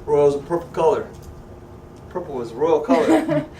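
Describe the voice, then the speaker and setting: In a roomy, echoey church classroom, a man with a voice high for a man leads Sunday school with lively humor, constantly asking his students questions as he teaches the Bible. He speaks at a moderate pace, recorded from some distance with a little hiss or hum.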